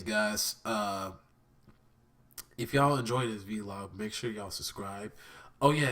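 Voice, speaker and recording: A man with a stuffy nose, giving a casual and excited spoken review as a vlogger, rambling and correcting himself as he goes. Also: on the low side, recorded from a distance. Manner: excited, rambling fan talk.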